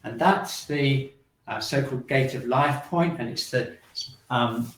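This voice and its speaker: A man teaching a shiatsu and qigong class, calmly cueing breathing and movement and checking in with "okay?" as he goes. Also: mid-range voice, unhurried. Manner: calm, repetitive cueing with frequent "okay?" check-ins. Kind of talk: guided breathing exercise class. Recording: roomy sound, mic at a distance.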